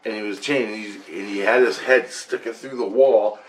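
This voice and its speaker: A man with a fairly low voice telling a dream story on his vlog. He rambles, restarts and gets excited, peppering it with swearing. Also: normal speed, a little hiss or hum. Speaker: vlogger.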